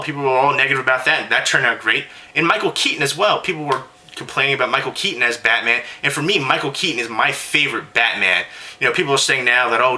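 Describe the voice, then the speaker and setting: Fast-talking bright-voiced male vlogger. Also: mid-range voice. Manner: emphatic and conversational, directly addressing viewers. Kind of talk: casual opinion rant to camera.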